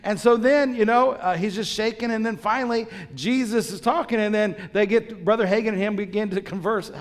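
High-voiced preacher in a reverberant church. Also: male voice, a little fast. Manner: emphatic, repeats phrases and asks the congregation questions. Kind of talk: sermon. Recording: long reverb of a large church hall.

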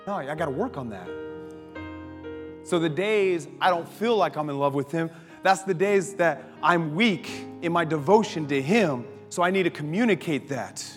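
A male pastor preaching a sermon, telling stories with laughter and dropping to a soft voice for prayers. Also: a little high, moderate pace. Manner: animated storytelling preacher, laughs often, drops to soft prayer voice. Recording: long hall reverb with faint music.

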